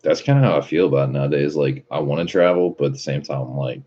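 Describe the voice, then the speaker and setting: A man's voice: extremely low pitch, expressive, fast, warm tone, a little hiss or hum. A man reading out viewer chat and chatting casually, with a laid-back, profane manner and frequent laughs. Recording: muffled lo-fi recording.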